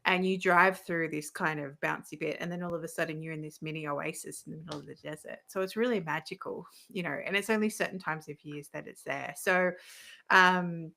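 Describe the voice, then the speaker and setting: This is an Australian woman speaking as a guest on a podcast. Her talk is loose and chatty, and she laughs easily between thoughts. Her voice is bright and a little sharp, with a gravelly fry underneath. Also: deep voice, fairly quick. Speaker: guest, leadership coach. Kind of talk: casual podcast chat.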